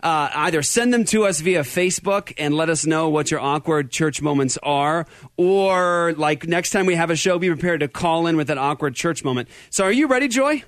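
Energetic rambling male host, dry sound. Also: a little high, normal speed, no room sound. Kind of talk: casual live show chat.

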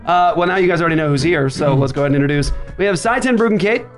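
A man hosting a Christian radio talk show from a makeshift studio, upbeat with quick banter. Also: fairly high pitch, faint music behind. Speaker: podcast host. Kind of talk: casual radio show chat. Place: makeshift studio writers' room.

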